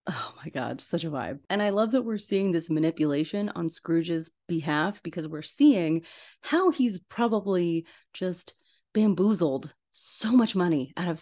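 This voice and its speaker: Brief: woman podcast host, casual chatty film recap, slightly low pitch. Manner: animated, chatty, quick asides.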